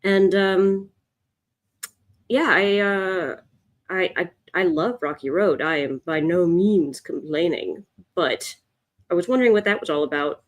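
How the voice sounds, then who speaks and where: A woman with a somewhat low voice hosts a live sketching session from home. She rambles in a relaxed way and answers viewers' comments as she draws. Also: a little slow. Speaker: art livestream host. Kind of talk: casual chat while drawing live. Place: home, in Chicago.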